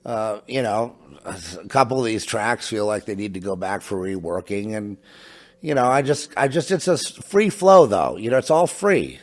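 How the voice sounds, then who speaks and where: A middle-aged man from a home studio, rambling in a casual monologue, halting with many restarts and asides. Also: on the low side, expressive. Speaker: podcast host. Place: home in New Mexico.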